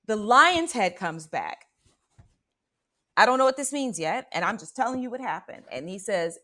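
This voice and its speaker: Hosting a spiritual radio program, this woman relates a personal story in a dramatic, lively manner and keeps checking in with her audience. She speaks at medium pitch and a moderate pace.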